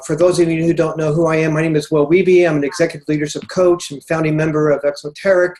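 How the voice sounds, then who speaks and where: A man hosting a coaching webinar over a video call, talking haltingly with many fillers. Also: on the high side, noisy background. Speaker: host.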